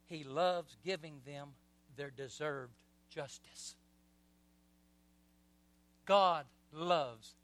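A middle-aged male pastor preaching with passion, swinging between soft passages and loud surges and calling on the congregation to repeat after him. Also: fairly high pitch. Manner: impassioned preaching with call-and-response. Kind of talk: sermon.

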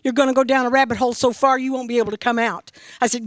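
Woman, high-pitched, earnest and emphatic, spoken testimony, dry recording. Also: fairly even intonation, racing, dry recording. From Missouri. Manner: earnest, emphatic, faith-filled. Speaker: mother giving a testimony.

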